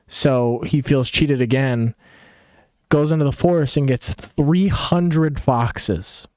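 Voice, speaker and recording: A man's voice: medium pitch, slow pace, a little mellow, no room sound, studio quality. A man retelling a story in a casual, comedic way, sarcastic and rambling with restarts.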